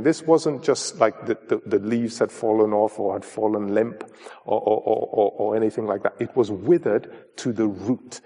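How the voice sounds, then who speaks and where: A man's voice: fairly low pitch, dark tone, husky. A man preaching a sermon, earnest and emphatic, who calls his listeners folks as he presses his point home.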